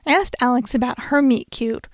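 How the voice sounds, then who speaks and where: A woman's voice: on the high side, a little fast, no room sound, clean studio sound. A woman hosting a show, narrating her own story in a reflective, storytelling way. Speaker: host. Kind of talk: scripted narration.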